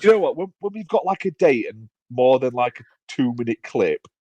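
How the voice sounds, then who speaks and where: A man's voice: mid-range voice, big pitch swings, moderate pace, dark tone, no room sound, highs cut off. A man co-hosting a podcast in casual chat, rambling with restarts and self-deprecating jokes. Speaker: podcast co-host.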